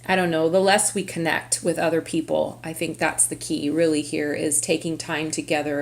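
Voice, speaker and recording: A middle-aged woman from California hosting her own craft vlog, talking casually in a chatty, rambling way with lots of fillers. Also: deep voice. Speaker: craft vlogger. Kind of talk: casual chat.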